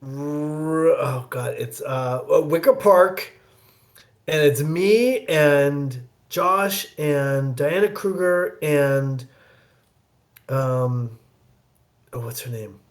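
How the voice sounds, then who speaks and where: A man from the American Midwest telling a rambling, self-deprecating story in casual chat, getting animated when he quotes himself. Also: fairly high pitch, extremely slow, roomy sound. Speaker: guest actor.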